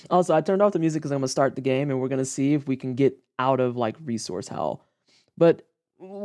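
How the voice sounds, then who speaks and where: A young woman streamer from the Saint Louis area, chatting casually and swearing freely, acting out quotes in high voices. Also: very animated, unhurried, a little mellow. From Saint Louis area, United States. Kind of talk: casual chat on a livestream.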